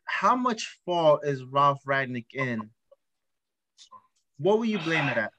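A man's voice: a little high, sing-song, slow pace, bright, forceful tone, low-quality recording. A man hosting a casual podcast chat, asking questions and steering the talk to others. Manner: questioning, leads the discussion. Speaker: podcast host.

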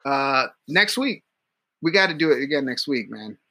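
A man's voice: mid-range voice, sing-song, normal speed, sharp tone. A man co-hosting a casual podcast, telling profane stories and laughing often. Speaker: podcast co-host. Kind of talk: casual crude podcast banter.

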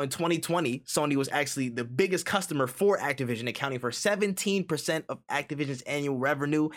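A man co-hosting a casual gaming podcast, animated and profane, acting out imagined quotes. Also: medium pitch. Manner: animated, acts out quotes, swears freely. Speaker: podcast co-host.

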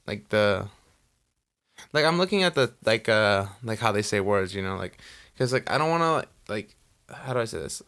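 Podcast co-host, man, low gravelly voice, loose rambling chat. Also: expressive, moderate pace, a bit bright. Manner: rambling, lots of "like" and "you know". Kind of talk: casual chat. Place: Los Angeles.

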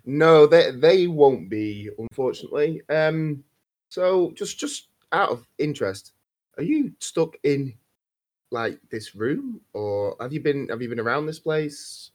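A man's voice: fairly high pitch, lively intonation, measured pace, darkish tone. A man playing a character in a tabletop game, speaking hesitantly with many ums and restarts. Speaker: player. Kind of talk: tabletop role-play.

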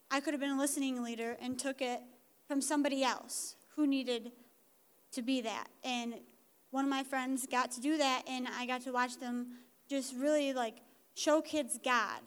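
A teenage girl giving a casual personal testimony in church, talking in a youthful way with lots of "like". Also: high-pitched. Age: teens. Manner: casual, youthful, uses like often.

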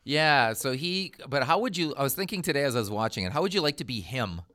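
A man's voice: mid-range voice, lively intonation, fast talker, fairly bright tone. A middle-aged man co-hosting a podcast, musing and joking casually with loose restarts. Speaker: podcast co-host. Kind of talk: casual chat.

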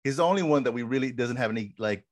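A man co-hosting a podcast, casually retelling film scenes with lively quoted lines and frequent "bro". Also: medium pitch, very fast, dry recording. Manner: animated storyteller, says "bro" often. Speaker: podcast co-host.

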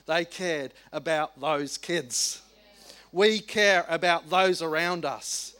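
A middle-aged Australian man preaching a sermon, animated and colloquial, firing off rhetorical questions. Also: high voice, measured pace. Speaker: pastor.

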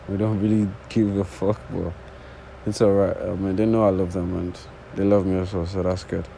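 A young man in his early twenties with a low, mellow, creaky voice rambles through an unscripted solo monologue while sitting indoors on the floor. The podcast host has a non-native English accent, speaks casually at a moderate pace in a level tone, swears often and repeats false starts, with slight background noise on a rough recording.

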